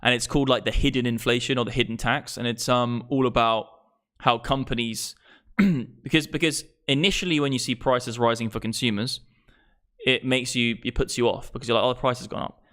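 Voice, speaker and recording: A man's voice: mid-range voice, fairly even intonation, brisk, a bit bright. A man of about thirty, ranting exasperatedly and profanely on a live stream about money and prices. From England. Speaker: crypto streamer.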